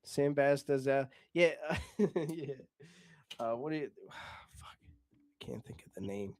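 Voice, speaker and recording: A man's voice: medium pitch, animated, a little mellow. An American man co-hosting a podcast, joking around in crude, casual banter. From United States. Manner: joking, crude, drawn-out delivery. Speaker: podcast host.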